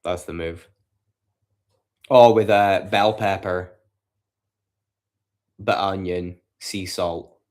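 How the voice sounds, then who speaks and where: A man with a deep, low voice rambles to his livestream chat from home late at night. His talk is loose, profane banter, full of swearing and asides to viewers. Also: fairly even intonation, very slow, long pauses, darkish tone. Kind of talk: casual chat with a livestream audience.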